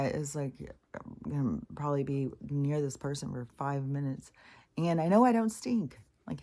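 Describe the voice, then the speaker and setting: A woman's voice: low voice, darkish tone. A woman talking to camera at home late at night, rambling and restless, swearing freely, laughing at herself and sometimes dropping to a whisper. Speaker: vlogger. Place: home living room by the couch.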